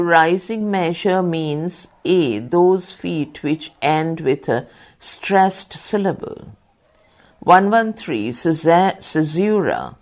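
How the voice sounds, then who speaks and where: A woman with a low voice reads exam questions and their answers aloud, slowly and carefully. Her pitch moves a great deal from line to line. She speaks every comma and quote mark and spells out hard words letter by letter. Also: a little mellow. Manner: methodical, reads punctuation and quote marks aloud and spells out terms. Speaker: volunteer reader.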